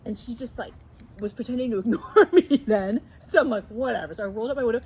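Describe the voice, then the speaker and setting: A woman in her forties, co-hosting a casual chat and telling a story, lively and quick to jump up in pitch as she acts it out. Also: breathy edge, rough recording. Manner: animated, jumps up in pitch when acting out the story. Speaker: co-host.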